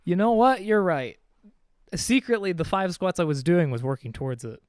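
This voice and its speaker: A man's voice: high-pitched, animated, moderate pace, clean tone, dry recording, clean studio sound. A man streaming a video game, chatting casually and joking with his viewers while he plays. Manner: chatty, jokey, reads game dialogue aloud. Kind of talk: casual gameplay chat. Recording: faint game music behind.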